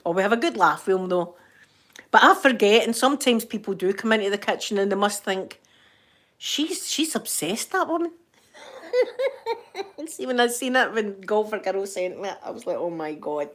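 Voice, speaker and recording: A woman's voice: mid-range voice, animated, fairly quick. Chatty older Scottish woman vlogging. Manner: chatty and rambling, laughs often, warm asides to viewers. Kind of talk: casual chat to camera. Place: at home.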